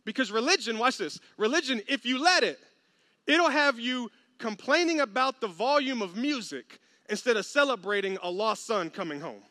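Animated man preaching. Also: very high-pitched, normal speed, no room sound, studio quality. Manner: animated, humorous, acts out quoted voices. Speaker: pastor. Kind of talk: sermon.

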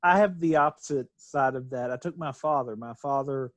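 A man's voice: medium pitch, moderate pace, no echo. A middle-aged man from Kentucky telling a family story in casual chat, rambling and laughing as he goes. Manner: rambling, restarts and laughs while telling stories.

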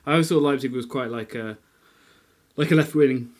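A man's voice: medium pitch, moderate pace, darkish tone. A man asking hesitant, filler-heavy questions in casual chat.

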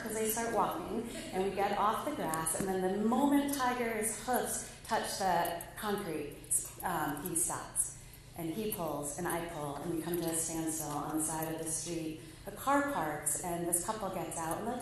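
Woman storyteller, 30s, wry and animated; echoey hall, distant mic. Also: moderate pace, slight background noise. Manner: wry, animated, acts out voices in a high tone. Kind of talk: live personal storytelling.

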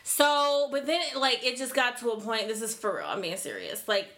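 A woman's voice: on the high side, animated, moderate pace, sharp tone. A woman hosting a podcast, telling a story in a playful casual chat. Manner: playful, laughing, interjects. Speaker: podcast host.

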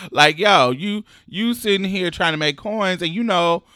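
A man casually recapping an episode he acted in, profane and animated, laughing often. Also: high-pitched, slow, dry recording, clean studio sound. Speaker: actor recapping his own show.

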